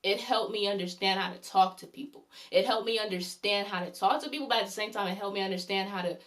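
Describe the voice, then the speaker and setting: A woman's voice: mid-range voice, fast, fairly bright tone. A woman giving a spoken devotional talk as a faith vlogger, earnest and rambling, often repeating a praise phrase and her own points. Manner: repeats "glory be unto the Lord" often.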